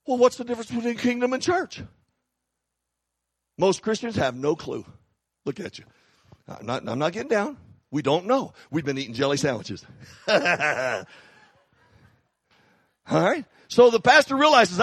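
A middle-aged male pastor preaching with a lively, jokey storytelling manner. His voice sits high and swings widely in pitch. The sound is close and dry. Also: normal speed, long pauses, slightly rough, dry recording. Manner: animated, humorous storytelling. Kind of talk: sermon.

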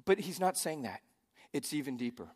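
A man's voice: fairly high pitch, sing-song, normal speed, a little mellow, big-room sound. A man pastor preaching a sermon in a conversational way, with joking asides.

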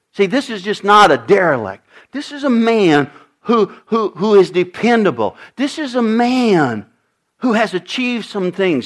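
With a voice that sits high and has a fairly bright tone, an older pastor delivers a sermon to his congregation. He speaks emphatically, repeating phrases and often putting questions to the listeners.

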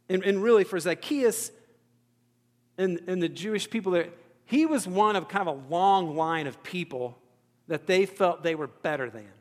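A man preaching a sermon in a conversational, self-deprecating way, acting out the thoughts of the people in his story. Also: a little high. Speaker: pastor. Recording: hall reverb.

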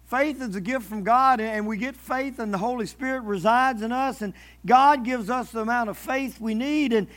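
A man with a high voice preaching a sermon. He talks in a loose, conversational way, repeating his starts and acting out what people say. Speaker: pastor.

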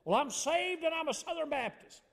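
A man's voice: very high voice, animated, moderate pace, gravelly, a bit bright, long reverb tail, pitched above the performer's own voice, exaggerated voice. A man voicing an outspoken older man he met on a plane, eager and upbeat.

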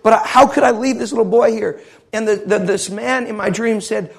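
A man delivers a sermon in an impassioned storytelling manner. His voice sits high for a man and has a husky edge to it. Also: fairly even intonation, normal speed. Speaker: preacher.

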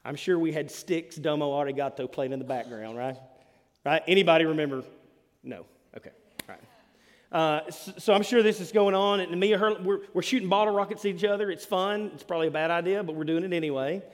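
A man, preaching a sermon as pastor, telling stories with big swings between loud and hushed delivery. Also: a little high, a little fast. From Alabama. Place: church hall. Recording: long hall reverb.

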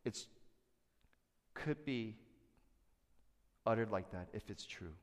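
Animated male preacher in a reverberant hall. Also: fairly low pitch, slow. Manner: animated, asks the congregation to respond. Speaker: pastor. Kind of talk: sermon.

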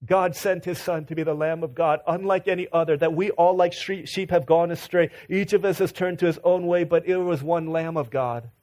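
A male preacher with a slightly high voice delivers a sermon built around a story. He repeats and restarts phrases, then climbs in pitch and force as he presses his point. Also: fairly even intonation, moderate pace, few pauses. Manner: builds from quiet storytelling to rising fervent emphasis, with repeats and restarts. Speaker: pastor.

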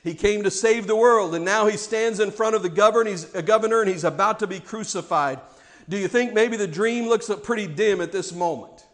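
A man's voice: sits high, brisk. A male pastor delivering a sermon in an emphatic, repetitive preaching cadence.

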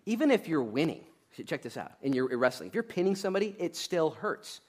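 Male pastor, sermon, somewhat high voice, animated, conversational, emphatic bursts. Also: a little fast. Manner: animated, conversational preaching with laughs; emphatic, builds to loud peaks.

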